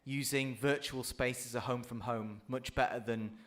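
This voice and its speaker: A man's voice: medium pitch, steady tone, moderate pace. A man in his thirties presenting a radio conversation slot in the studio, upbeat and self-mocking as he chats with young guests.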